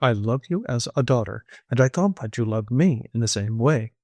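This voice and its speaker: A man reading an audiobook, voicing a self-possessed young woman who speaks coolly and firmly, lifting his voice higher when she insists. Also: expressive, moderate pace, darkish tone, no room sound, close to an everyday voice. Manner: cool and firm, rises when insistent. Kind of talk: audiobook character voice.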